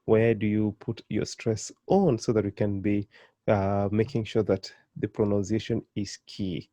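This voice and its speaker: A man teaching an online beginners' language lesson, encouraging and patient, repeating and drilling each word slowly. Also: on the low side, steady tone, dark tone, no echo.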